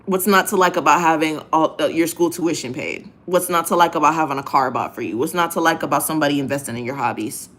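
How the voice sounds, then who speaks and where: Blunt, profane woman with a low voice. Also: quick pace, few pauses, a bit bright. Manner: blunt, profane and emphatic, repeats phrases. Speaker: host. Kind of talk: casual monologue.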